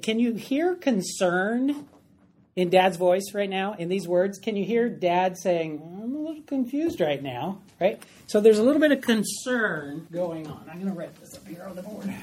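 A woman teaching a Bible study class in a room with a board, talking in a lively, conversational way and putting questions to the class. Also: mid-range voice, normal speed, husky.

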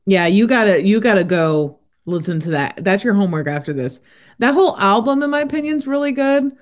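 A woman's voice: mid-range voice, expressive, brisk. A woman hosting a podcast, chatting casually and laughing often. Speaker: podcast host.

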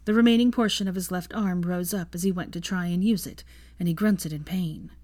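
A woman reading fan fiction aloud in a soft, intimate narrating voice. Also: fairly low pitch, a little fast. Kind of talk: audiobook narration.

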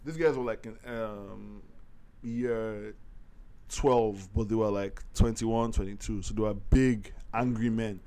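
A man telling a long story on a casual podcast, animated, laughing often and full of slang. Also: lowish voice, slow. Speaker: podcast host.

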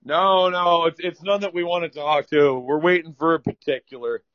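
High-voiced Canadian man, rowdy and profane. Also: fairly even intonation, moderate pace, dry recording, lo-fi sound. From Ontario, Canada. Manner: swearing, rowdy storytelling. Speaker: podcast guest. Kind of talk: casual chat, storytelling.

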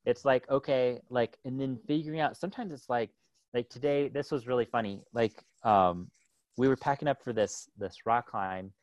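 A man's voice: mid-range voice, normal speed, no room sound. A man in his thirties chatting casually as a podcast co-host, rambling with lots of "like" and "right?" and laughing often. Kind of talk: casual chat.

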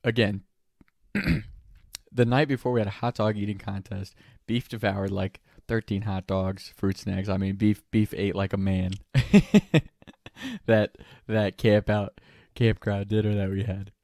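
A young man recounts a funny story in a relaxed, casual way, chuckling often and dropping the odd swear word. His voice sits on the low side. The recording is dry and close, with no room sound. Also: measured pace, creaky, no echo. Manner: laughs often while telling, swears casually. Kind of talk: casual anecdote telling.

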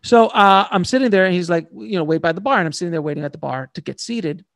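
Gravelly animated storyteller, a man. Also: high voice, quick pace, dry recording, studio quality. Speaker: author guest. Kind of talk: casual interview storytelling.

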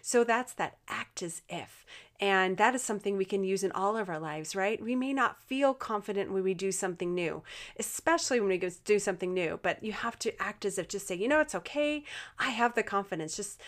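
Speaking fairly quickly at a medium pitch, a woman offers earnest encouragement in a relaxed motivational talk. Her delivery is chatty, full of filler words and false starts.

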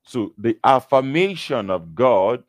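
A man preaching a sermon, reading Bible verses slowly and with emphasis, then explaining them. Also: medium pitch, big pitch swings, no room sound. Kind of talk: sermon teaching from scripture.

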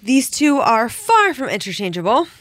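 A woman co-hosting a podcast in casual group chat, playful and quick to joke. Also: fairly high pitch, big pitch swings, a bit bright, no echo. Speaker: podcast co-host.

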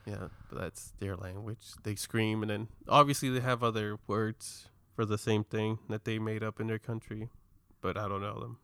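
A man's voice: fairly low pitch, fairly even intonation, normal speed, hardly any pauses, fairly bright tone, clean tone, no room sound. A man in casual podcast chat, laughing often and retelling moments with animation.

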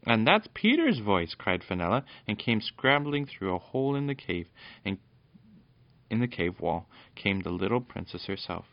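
A man reads a children's storybook aloud in a very low, gravelly voice, now and then tripping over words and correcting himself. The recording is dry and a little dull. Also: moderate pace, dry recording. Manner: unpolished, with frequent stumbles and self-corrections.

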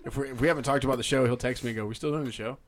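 A man's voice: medium pitch, rapid-fire. A man from South Georgia with a Southern accent, co-hosting a casual podcast, joking and laughing often. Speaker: podcast co-host. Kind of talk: casual chat.

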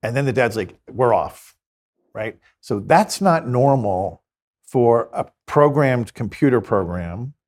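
A man's voice: mid-range voice, expressive, measured pace, a little mellow. A man, a Catholic priest and exorcist, talking earnestly in an interview and telling stories with quoted dialogue. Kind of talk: conversational interview storytelling.

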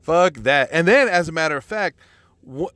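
A man's voice: on the high side, animated, moderate pace, a bit bright, dry recording. A young man telling a rambling personal story, swearing constantly, with many restarts and fillers. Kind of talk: casual storytelling monologue.

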